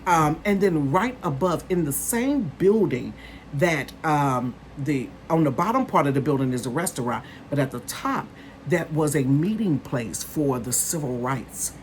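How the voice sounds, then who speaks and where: A woman in her fifties chatting casually to her viewers as a vlogger, calling them "honey" and "you guys" and bursting into excitement. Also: deep voice, measured pace, slight background noise. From northern United States. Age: 50s.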